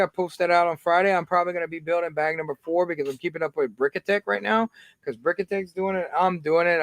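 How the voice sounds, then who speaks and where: A man's voice: on the high side, no room sound. A man in his thirties hosting a livestream in casual, rambling chat, with lots of fillers and restarts. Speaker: livestream host.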